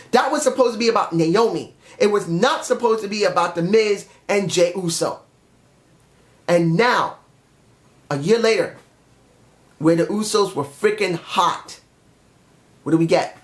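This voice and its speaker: Vlogger, male, high voice, frustrated swearing rant. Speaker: wrestling show reviewer. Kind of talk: angry vlog rant.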